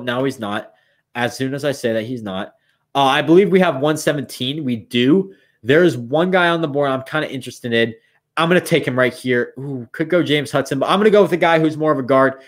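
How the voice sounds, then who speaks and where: A young man casually talking through picks on a live stream, thinking aloud and a bit tired. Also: mid-range voice. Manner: thinks aloud, rambling with restarts. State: yawning, tired. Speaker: streamer running mock drafts.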